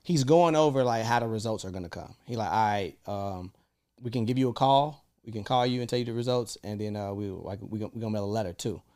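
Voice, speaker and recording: A young man, co-hosting a podcast and telling a story in casual, swearing chat, acting out voices with big jumps in pitch. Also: fast. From Chicago. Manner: animated, swearing, acts out quoted lines with big jumps in pitch. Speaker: podcast co-host.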